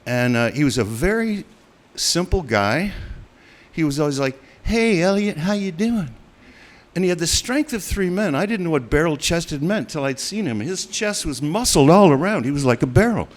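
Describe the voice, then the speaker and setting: A man in his sixties telling a live story as a guest, animated and acting out the voices of the people in it. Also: on the high side. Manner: animated, acts out quoted voices, laughs.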